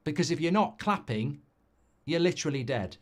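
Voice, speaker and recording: A man hosting a live football watchalong, chatting with viewers in a sweary, cynical, rambling and animated way, from England. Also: fairly high pitch, moderate pace. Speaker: watchalong host.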